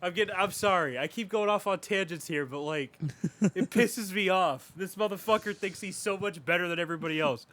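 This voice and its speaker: A man's voice: high-pitched, brisk, fairly bright tone. A man hosting a casual podcast chat, profane and ranting, often laughing as he reads out and mocks reviews. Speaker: podcast host.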